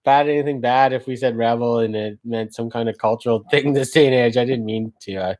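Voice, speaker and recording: A man from Alabama, co-hosting a casual livestream and telling joking stories full of animated quotes. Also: mid-range voice, a little fast. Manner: joking storyteller, does animated quoted voices. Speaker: band member and livestream co-host.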